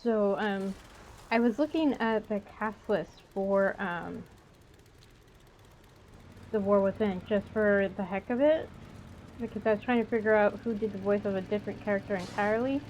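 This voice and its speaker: A woman's voice: medium pitch, moderate pace, long pauses, darkish tone. A woman streaming a video game, chatting casually and rambling with frequent hesitations. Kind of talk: casual gameplay commentary. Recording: dull lo-fi with faint noise.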